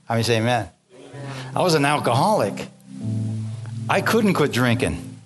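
A man's voice: medium pitch, sing-song, moderate pace, music in the background. An older man preaching a fervent, folksy sermon in a church, calling the congregation for amens and hallelujahs.

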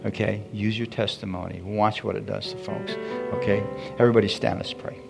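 A man's voice: on the low side, flat delivery, brisk, vocal fry, over music. A man, a pastor, telling a story from his week and leading prayer in a folksy, repetitive way. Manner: folksy, repetitive, chuckles at his own stories. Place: church.

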